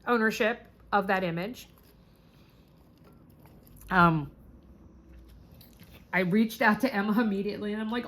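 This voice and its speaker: A woman chatting casually to her viewers about crafting kits, bubbly and gushing, squealing whenever she gets excited. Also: medium pitch, a little slow, long pauses. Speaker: crafting vlogger.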